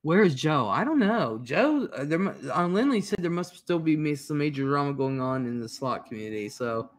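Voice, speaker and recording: A man hosts a casual livestream, greeting chatters by name and reading their comments aloud in a laid-back, rambling way. He is very animated, with a fairly high voice at a moderate pace, using headphones and a computer mic.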